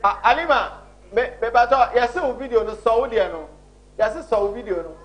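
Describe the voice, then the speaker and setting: A Ghanaian man hosts live election call-ins with a high, bright-sounding voice. He talks to callers in a loud, chatty, informal way. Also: fairly quick. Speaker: studio news host.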